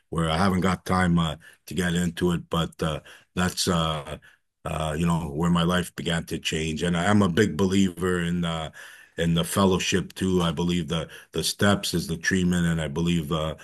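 A man with a very low, deep voice tells his own recovery story to a meeting. He speaks haltingly, with frequent fillers and false starts. He brings remembered conversations to life by quoting them. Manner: halting, many fillers and restarts; acts out dialogue in quotes. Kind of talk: personal testimony talk.

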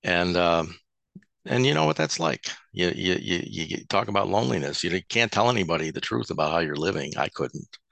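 Deep gravelly man telling his story. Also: animated, fairly bright tone, dry recording. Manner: halting, with frequent restarts and repeated words. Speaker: recovery speaker at a support meeting. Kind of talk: personal testimony.

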